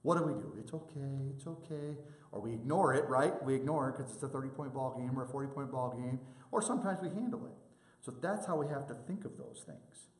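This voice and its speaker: A man's voice: mid-range voice, a little fast, roomy sound. A man giving a presentation to sports officials, telling stories and acting out the people he quotes. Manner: animated storytelling, acts out quoted people.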